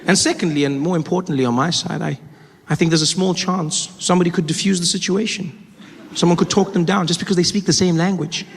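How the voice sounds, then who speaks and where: A man's voice: sits high, fairly even intonation, fast talker, slightly rough. A man performing stand-up comedy, telling stories in a conversational way with self-correcting asides. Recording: live stage mic in a reverberant hall with a noisy crowd.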